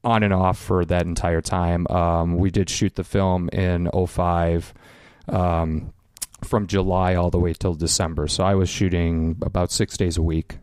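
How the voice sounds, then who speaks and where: A man's voice: low-pitched, little pitch movement, unhurried, darkish tone, clean tone, dry recording, clean studio sound. A man with a Chicago accent, a filmmaker guest in a casual interview, talking with lots of fillers and restarts and laughing easily. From Chicago area, USA.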